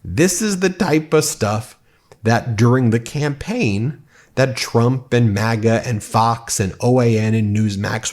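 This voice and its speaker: A man in the middle of the usual pitch range gives loose, conversational political commentary. He talks straight to his viewers and slips in quoted posts as he goes. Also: measured pace, gravelly, a little mellow. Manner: conversational, reads quotes aloud with some emphasis.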